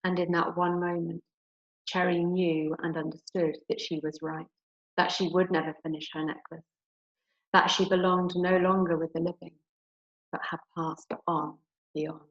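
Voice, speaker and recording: A teacher with an English accent reads a story aloud to her class, then talks it through in a gentle, encouraging way. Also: on the low side, level tone, moderate pace. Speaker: primary school teacher. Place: home room. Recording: roomy, dull home recording.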